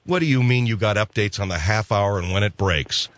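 A man hosting a comedy radio talk show, brisk and dismissive with callers. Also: on the low side, fairly bright tone, no room sound.

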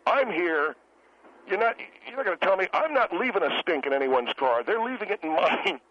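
A man's voice: fairly high pitch, fairly quick, lightly acted. A man doing a touchy, stammering photographer on a muffled line. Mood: indignant. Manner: defensive, stammering, indignant. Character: self-pitying male wedding photographer, middle-aged, touchy. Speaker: caller guest.

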